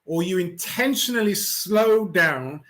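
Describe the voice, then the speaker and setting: A middle-aged man from England gives a reflective talk to his online viewers. His voice sits a little higher than most men's. He speaks in an unhurried, conversational way, full of fillers and restarts. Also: expressive, fairly bright tone. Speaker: host of a weekly online talk. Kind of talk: reflective pastoral talk to camera.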